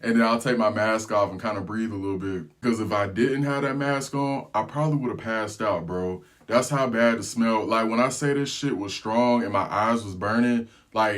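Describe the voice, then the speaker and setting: A man telling a storytime vlog in a casual, slangy way. He tells it with animated energy and breaks into laughter. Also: lowish voice. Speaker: travel vlogger.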